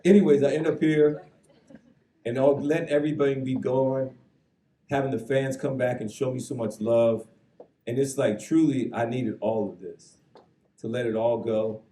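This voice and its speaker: A man in his thirties giving an earnest, reflective induction speech to a hall audience, now and then putting lively voices on the people he quotes. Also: lowish voice, recorded from a distance. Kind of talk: emotional acceptance speech. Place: large banquet hall. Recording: echoey hall, speaker away from the mic.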